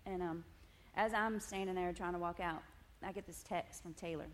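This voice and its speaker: A woman's voice: lowish voice, fairly even intonation, moderate pace, a little hiss or hum. A woman giving a personal testimony to a group at tables, telling her story animatedly with laughter and frequent asides to the room. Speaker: women's ministry speaker.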